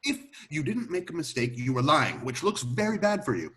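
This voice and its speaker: A man reading the part of an excitable butler who explains a murder solution in an amateur script read-through, telling it in an animated, theatrical way. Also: fairly high pitch, brisk.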